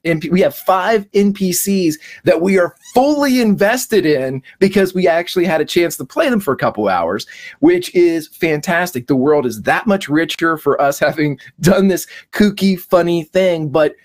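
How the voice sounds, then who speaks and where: An enthusiastic man talks fluently over a video call. His voice sits fairly high. He speaks with easy energy. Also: a little mellow. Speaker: tabletop player. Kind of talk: casual chat.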